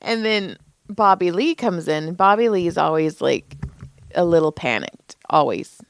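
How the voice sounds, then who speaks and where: Animated woman spinning a story. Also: lowish voice, unhurried, gravelly. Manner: animated, acts out everyone's lines in her stories; frequent laughter and swearing. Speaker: podcast co-host. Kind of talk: casual comedic storytelling.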